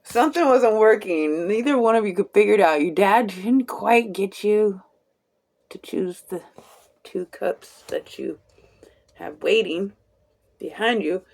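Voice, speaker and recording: Her voice is mid-range, creaky and darkish, with lively intonation. She's a woman doing a laid-back live tarot reading, chatty and quick to laugh, with casual swearing and a slow, drawn-out delivery.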